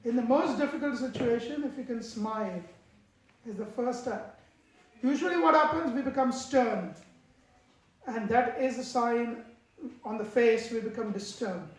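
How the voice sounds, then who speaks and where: Man lecturer with a high voice, telling stories in a measured way, heavy hall echo. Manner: measured, acts out quotes in the stories. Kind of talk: devotional lecture with storytelling. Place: temple hall. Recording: very echoey hall.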